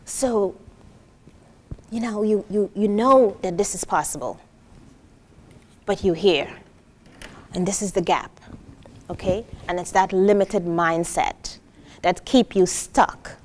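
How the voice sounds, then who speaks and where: A woman from Trinidad giving a live motivational talk to an audience, animated, acting out quoted voices and asking the room questions. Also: medium pitch, slow pace, long pauses. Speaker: motivational speaker.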